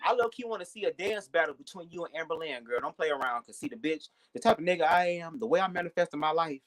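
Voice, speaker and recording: Sassy, bright-voiced male commentator. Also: fairly high pitch, expressive. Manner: sassy, profane, drawn-out slang delivery. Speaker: commentary youtuber. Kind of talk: casual reaction commentary.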